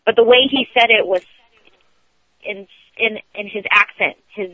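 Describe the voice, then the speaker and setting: A man's voice: sits high, fairly even intonation, measured pace, dry recording. A man, a radio show guest calling in, rambling through a story with many restarts. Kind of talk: casual storytelling on a call-in. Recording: tinny phone line.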